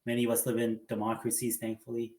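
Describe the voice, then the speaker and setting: A man's voice: medium pitch, completely flat delivery, fast, a little mellow. A man being interviewed as a podcast guest, talking earnestly and hopefully, often repeating words. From United States. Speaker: guest, epidemiologist. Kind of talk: casual interview chat. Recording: roomy echo.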